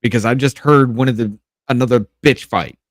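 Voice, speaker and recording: A man's voice: medium pitch, brisk, dry recording, clean studio sound. A man chatting on a podcast, telling a story with restarts, trailing phrases and swearing. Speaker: podcast co-host. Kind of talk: casual podcast chat.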